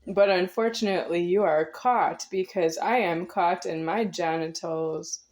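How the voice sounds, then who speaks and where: A woman's voice: lowish voice, measured pace, darkish tone. A woman in her forties giving a rambling, confrontational spiritual monologue to her viewers, repeating herself intensely. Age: 40s. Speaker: vlogger.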